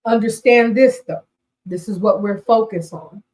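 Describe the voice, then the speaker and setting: Animated woman talk show host. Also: medium pitch, measured pace. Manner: animated and colloquial, lively reactions. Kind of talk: casual chat.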